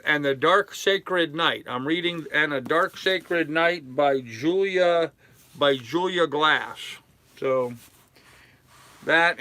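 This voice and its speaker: Rambling older man, bright voice. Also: medium pitch. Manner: rambling, relaxed, drawling with fillers. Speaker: sailing vlogger reading live chat. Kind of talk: casual live-stream chat. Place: aboard a sailboat in a harbor.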